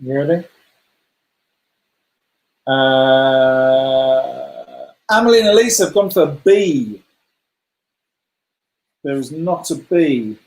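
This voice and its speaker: With a fairly high, sing-song voice, he speaks at a measured pace and pauses often. He's the leader of a children's club running a letter-guessing game by video call, chatty and supportive as he names and praises each player. The audio carries a roomy echo.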